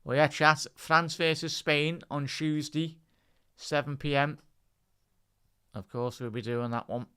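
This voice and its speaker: A man's voice: on the high side, steady tone, measured pace, pushed and bright, clear, resonant tone. A man with a Scouse accent giving casual live match commentary on a stream, chatting to his viewers and calling them lad and chat. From Liverpool, England.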